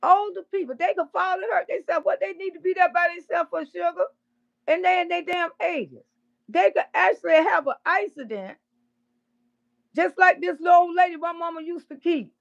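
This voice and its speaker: A woman doing casual livestream commentary, blunt and profane, with loud bursts of laughter. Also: very high voice, normal speed, vocal fry, lo-fi sound.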